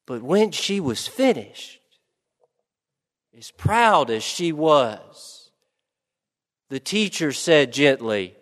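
A male preacher tells a story in a slow, deliberate, reflective sermon. His voice sits slightly high and each phrase trails off in a long reverb. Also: very animated.

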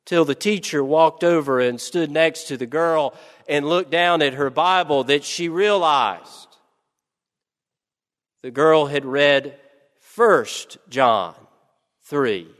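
A man preaching a sermon, telling a story slowly and deliberately. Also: a little high, a bit bright, big-room sound. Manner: slow, deliberate, reflective.

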